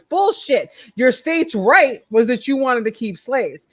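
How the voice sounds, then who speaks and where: A woman's voice: fairly high pitch, animated, slow pace, hardly any pauses. A woman co-hosting a podcast, arguing in a heated casual debate with impassioned, profane ranting. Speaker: podcast co-host.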